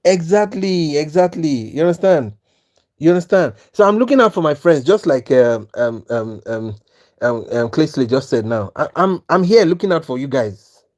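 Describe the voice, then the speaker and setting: Animated man streaming live trades. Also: a little high, moderate pace. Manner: animated, repeats "you understand?" often, stammers on restarts. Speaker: trading mentor and live-stream host. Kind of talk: live trading commentary.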